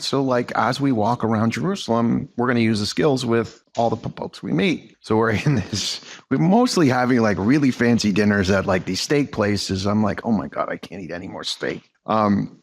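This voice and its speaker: A man, a negotiation trainer, talking casually as a podcast guest, rambling with restarts and fillers and acting out the people in his stories. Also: mid-range voice. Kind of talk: casual conversational storytelling.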